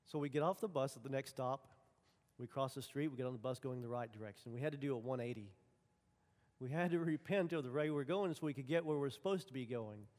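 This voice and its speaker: Man, pastor, folksy sermon storytelling, mid-pitched voice, long hall reverb. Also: a little mellow. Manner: folksy storytelling, acts out dialogue. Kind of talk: sermon with personal stories.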